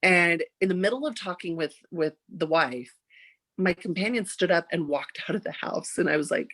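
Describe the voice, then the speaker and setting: Lively storytelling woman in her forties. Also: normal speed. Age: 40s. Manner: animated, acts out quoted dialogue with big jumps in pitch. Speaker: podcast guest. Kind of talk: casual storytelling.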